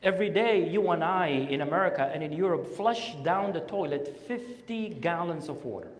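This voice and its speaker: A man giving an impassioned Friday sermon as a guest speaker at a mosque, swinging between loud urging and hushed pauses. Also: a little high, animated. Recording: long hall reverb.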